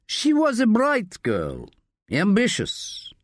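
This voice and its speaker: A man voicing a wiry, menacing bar owner with a clipped Eastern European accent and a deadpan manner, in an audiobook. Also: high-pitched, slow pace, no room sound, clean studio sound, voice pushed up, heavily acted. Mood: cool menace.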